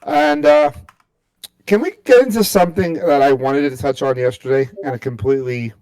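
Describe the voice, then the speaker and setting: A man's voice: mid-range voice, normal speed, a little mellow, no room sound. A man co-hosting a sports podcast, chatting casually and rambling with lots of fillers and restarts. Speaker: podcast co-host.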